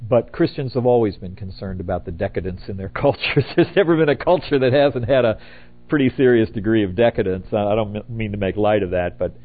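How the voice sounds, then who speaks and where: An older man preaching a sermon in a relaxed, rambling way, correcting himself and adding asides. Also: on the low side, brisk. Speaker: pastor. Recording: tinny phone-like audio.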